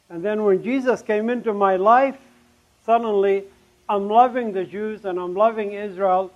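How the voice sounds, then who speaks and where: A middle-aged man from Palestine giving an emotional testimony sermon, his voice surging loud on key words. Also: high voice, lo-fi sound.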